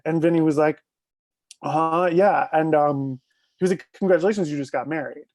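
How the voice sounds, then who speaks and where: A man's voice: on the high side, a little mellow. A man chatting on a casual live stream, telling gossipy stories and laughing often. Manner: gossipy, quick storytelling with bursts of laughter. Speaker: guest.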